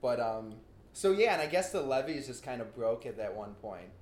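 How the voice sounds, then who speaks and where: A young man in casual conversation, telling an animated story with lots of fillers and laughter. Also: medium pitch, normal speed, echoey room.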